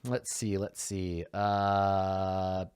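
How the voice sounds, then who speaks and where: A man's voice: low-pitched, completely flat delivery, very slow, darkish tone, smooth, no echo, clean studio sound. A young man, a tabletop game player, chatting casually and rambling to himself as he builds a character, swearing freely.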